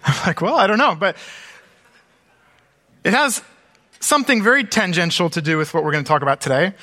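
A man preaching an Easter sermon as pastor, reading scripture aloud and breaking in with relaxed, conversational comments. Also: a little high, normal speed, long pauses, long reverb tail.

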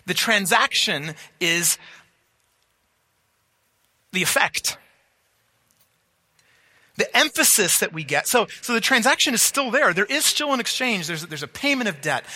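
A man preaching a sermon, his voice high and tense with a sharp, bright edge. He talks earnestly, repeating words to stress a point and asking his listeners whether they follow. The sound carries the long reverb of a large hall.

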